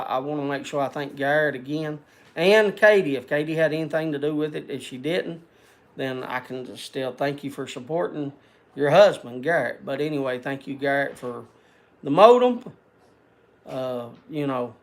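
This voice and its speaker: Gravelly older man chatting casually. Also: fairly high pitch, moderate pace. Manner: rambling, folksy, self-deprecating. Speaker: livestream host. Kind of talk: casual chat to viewers.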